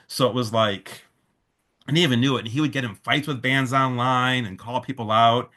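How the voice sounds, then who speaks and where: Guy rambling through a story, lots of "like", mid pitch, just chatting. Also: fairly even intonation, normal speed, sharp tone. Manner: rambling, full of "like" and restarts, quotes others in his own voice. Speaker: festival organizer, interview guest. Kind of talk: casual storytelling in an interview.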